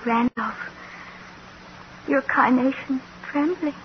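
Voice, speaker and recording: An actress playing a shy, lonely spinster in a bashful romance, in 1940s radio acting. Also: female voice, high-pitched, slow. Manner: timid and wistful, then coyly forward. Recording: dull, hissy old radio recording.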